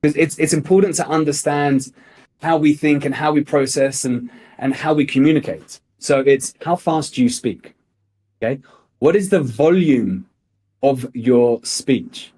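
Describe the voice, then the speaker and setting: A man's voice: medium pitch, measured pace, warm tone, husky. A young man coaching salespeople in an emphatic, motivational way, swearing casually as he teaches.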